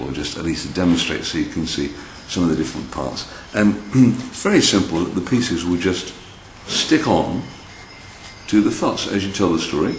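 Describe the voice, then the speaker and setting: A man, a storyteller, chatting casually while he shows felt figures and tells a children's story indoors. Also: low-pitched. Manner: chatty, animated, addresses children. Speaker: storyteller demonstrating felt boards. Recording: roomy echo, faint background hiss.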